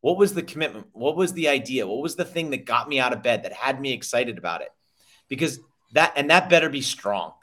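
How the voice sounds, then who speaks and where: Animated man telling business stories. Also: mid-range voice, a little fast. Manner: energetic, repeats words and restarts, quotes people in lively voices. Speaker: sales coach guest. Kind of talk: conversational interview storytelling.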